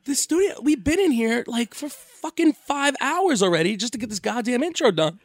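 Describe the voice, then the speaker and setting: Angry swearing high-voiced producer man. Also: big pitch swings, moderate pace, no echo, studio quality. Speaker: studio producer. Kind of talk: comedy sketch.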